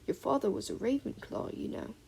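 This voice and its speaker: A woman's voice: a little high, brisk, creaky, warm tone, a little hiss or hum. A woman voicing a stern older female teacher with a reedy Scottish accent, precise and formal. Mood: formal, measured.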